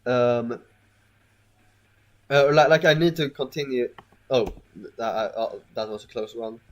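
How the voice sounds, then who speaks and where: A man's voice: mid-range voice, steady tone, a little slow. A man giving casual let's-play commentary, rambling and hesitant with frequent stammers and restarts. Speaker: gameplay commentator.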